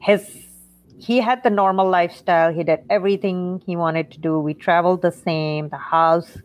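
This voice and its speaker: A middle-aged woman, an interview guest, telling a painful personal story in a halting way with many fillers and restarts. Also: lowish voice, steady tone, no room sound, muffled recording. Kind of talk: emotional personal story in conversation.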